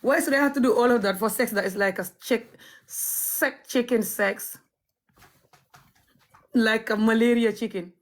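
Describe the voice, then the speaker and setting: Long pauses mark the speech of this Gambian-accented vlogger, whose fairly high voice moves a little slowly. She is a woman from Gambia telling casual stories to her viewers. Her manner is frank, cheeky and outspoken, with plenty of laughter.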